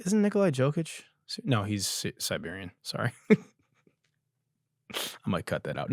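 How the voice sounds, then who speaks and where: A man's voice: fairly low pitch, huge pitch swings, normal speed, long pauses, no room sound, clean studio sound. A young man hosting a podcast, riffing crudely and sarcastically in casual comedy. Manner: crude, sarcastic, jumps between mumbles and loud outbursts. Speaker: podcast host.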